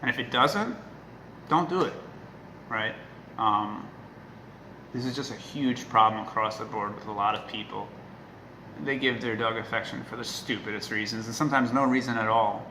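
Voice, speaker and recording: A man with a gravelly, forceful voice speaks earnestly and emphatically, often checking in with the listener. The sound is roomy and echoey, with a faint hiss of noise underneath. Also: on the low side, normal speed, pauses often. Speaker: dog trainer. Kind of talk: casual talk to camera.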